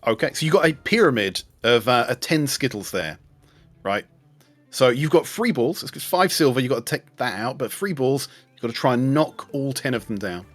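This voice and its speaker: A man's voice: medium pitch, big pitch swings, faint music behind. A man narrating a tabletop game as game master, joking with the players over an online call. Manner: jokey, puts on quick character voices.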